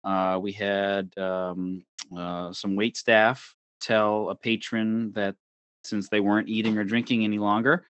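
Male co-host, lower voice, relaxed and measured, dry close sound. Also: clean tone, no echo, lo-fi sound. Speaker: comedy show producer and sports official. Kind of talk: casual chat.

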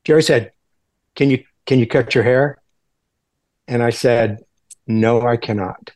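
Halting male actor guest, mid-pitched. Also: a little mellow. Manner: halting, many restarts and fillers. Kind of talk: casual interview chat.

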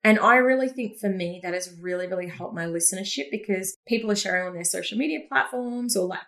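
A woman's voice: medium pitch, fast. A woman with a Queensland Australian accent, a guest in an interview, telling stories with energy and frequent laughs. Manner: energetic storyteller who laughs often. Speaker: podcast guest, business coach. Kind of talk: casual interview chat.

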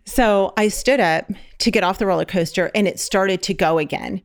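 A woman's voice: medium pitch, moderate pace. A middle-aged woman in casual chat, telling a long story and acting out the voices in it. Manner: animated, acts out quoted voices.

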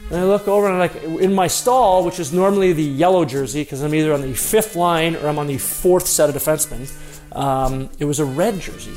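A man recounts an anecdote from his playing days, his voice sitting a little high. He tells it in a lively, self-deprecating way. Faint music plays underneath. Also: fairly quick. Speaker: former pro hockey player telling a story. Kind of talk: personal anecdote storytelling.

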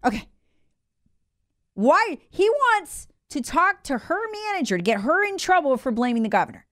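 A woman hosting political commentary in a sarcastic, mocking tone. Her voice sits a little high and swings widely in pitch as she tells the story. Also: very animated, moderate pace, fairly bright tone. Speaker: host of a political commentary show.

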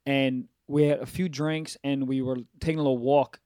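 A young man, telling crude, animated stories in a casual podcast chat. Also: mid-range voice, normal speed, clean tone, no room sound, clean studio sound. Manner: profane, animated storytelling with impressions. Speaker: podcast co-host.

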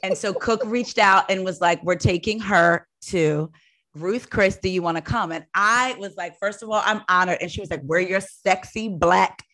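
Woman, 40s, podcast co-host, casual chat, relaxed, joking, frequent laughter. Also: medium pitch, moderate pace.

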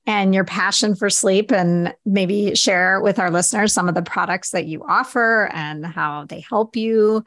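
A woman hosting a podcast interview, friendly and quick to laugh. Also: medium pitch, fairly bright tone, no room sound, studio quality. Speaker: podcast host. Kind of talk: casual interview.

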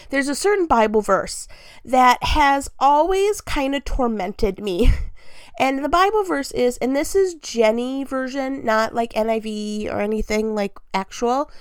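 Woman podcaster, higher voice, candid chatty delivery, frequent laughs, dry close recording. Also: no room sound. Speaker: podcast host. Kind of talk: casual solo podcast talk.

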